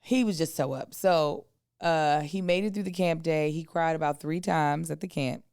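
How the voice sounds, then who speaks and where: A woman in her thirties tells a family story on a podcast in casual chat, slipping into other people's voices as she goes. Her voice sits low and comes through smooth and clean. The sound is close and dry. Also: steady tone, moderate pace, a little mellow, no room sound. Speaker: podcast co-host.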